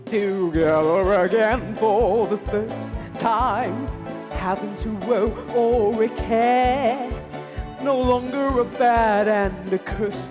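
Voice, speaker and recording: Igor, sly chummy male servant, sing-song delivery, slow unhurried lines, band music behind, woman acting it, stage show. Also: fairly high pitch. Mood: sung. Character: eager bug-eyed male servant Igor. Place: theatre stage.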